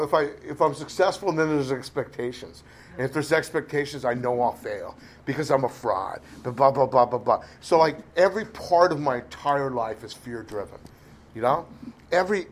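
A man's voice: fairly high pitch, expressive, normal speed, slight background noise. A middle-aged man telling a candid recovery story in a rambling, self-deprecating way, full of "you know". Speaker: recovery speaker. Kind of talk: candid personal recovery talk.

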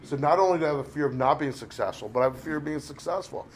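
A middle-aged recovery speaker with a fairly high voice rattles off his candid personal story at rapid-fire speed, rambling, self-mocking, and leaning on "you know." Slight background noise is audible.

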